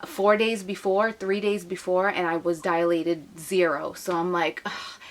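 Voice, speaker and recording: A woman's voice: lowish voice, level tone, a little slow. A young woman vlogger, emotionally retelling a personal story to camera. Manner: emotional, retelling with acted quotes.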